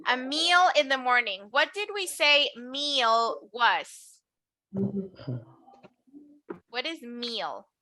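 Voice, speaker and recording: Lady teaching english, patient and clear, kinda high and really bright. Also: lively intonation, extremely slow, long pauses, no echo. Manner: clear, patient, switches to Spanish to explain. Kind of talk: online English lesson.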